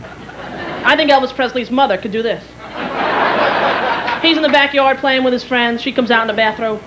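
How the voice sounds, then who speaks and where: A woman in her thirties doing a stand-up comedy routine on a theater stage, telling stories in an animated way and acting out other people. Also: a little high, normal speed, long pauses, highs cut off, very noisy. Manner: animated storytelling, acting out characters. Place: theater stage before a live audience. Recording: 1990s TV broadcast with loud crowd.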